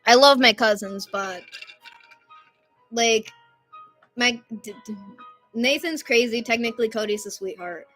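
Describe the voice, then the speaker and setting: A young woman in her twenties hosts a casual live stream, chatting and rambling through stories and getting loud at times. Her voice is fairly high and very bright. Soft music plays quietly behind her. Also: unhurried, pauses often.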